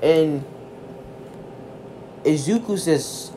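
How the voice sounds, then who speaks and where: A storyteller rambling through an improvised fan story in a loose, halting way. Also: medium pitch, lively intonation, a little mellow, a little hiss or hum.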